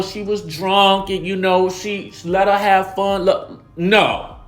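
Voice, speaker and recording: Male gossip host, slightly high-pitched, animated and emphatic, light music bed. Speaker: celebrity gossip YouTuber. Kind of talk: reality TV recap commentary.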